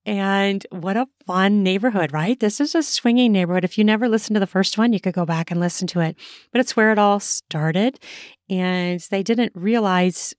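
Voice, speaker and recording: Woman host-author reading her erotic story in first person; mid-pitched, dry, close mic. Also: dry recording.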